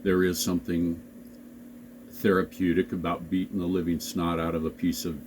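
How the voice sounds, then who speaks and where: A man with a very low voice talks haltingly, with plenty of ums and restarts. He sits on a bed in a home bedroom and is picked up by a camera on a desk. A faint background hum sits underneath. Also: level tone, darkish tone. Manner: hesitant, halting, full of ums. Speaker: vlog co-host. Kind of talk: casual chat.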